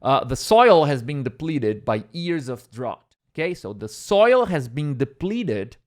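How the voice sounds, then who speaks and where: Male English teacher, patient and repetitive, animated intonation. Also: medium pitch. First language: Portuguese. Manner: patient, repeats examples slowly, checks with "okay?". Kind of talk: explaining vocabulary lesson.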